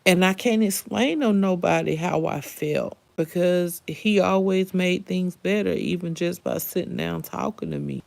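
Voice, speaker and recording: A woman's voice: on the low side, sing-song, measured pace, creaky, hardly any pauses, darkish tone, no room sound. A middle-aged woman hosting a live stream, chatting candidly and emotionally straight to her viewers. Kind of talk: casual live-stream chat.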